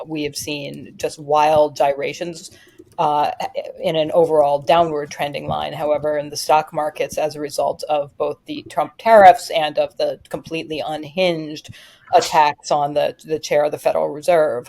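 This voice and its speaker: Low-voiced woman, emphatic panel guest. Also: vocal fry. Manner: animated, emphatic, many fillers. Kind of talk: podcast discussion.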